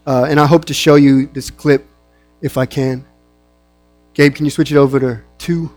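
A man preaching a sermon as a pastor, speaking slowly and deliberately, with pauses and fillers. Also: mid-range voice, fairly even intonation, a little mellow, dry recording, faint music behind.

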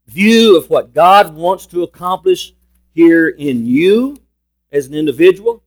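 Man, pastor preaching, high voice, emphatic delivery. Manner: emphatic preaching, slows down to stress scripture. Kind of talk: sermon.

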